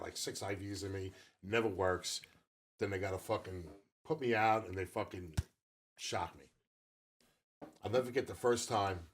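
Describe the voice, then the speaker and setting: A man's voice: sits low, a little hiss or hum. A man in his fifties co-hosting a podcast, telling a long story in casual chat and swearing freely. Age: 50s. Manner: profane, rambling storyteller. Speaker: podcast co-host.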